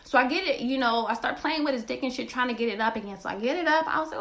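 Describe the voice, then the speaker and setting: A woman hosting a podcast and telling a personal story in a blunt, profane, animated way. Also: high voice, racing, hardly any pauses. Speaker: podcast host. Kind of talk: candid storytelling monologue.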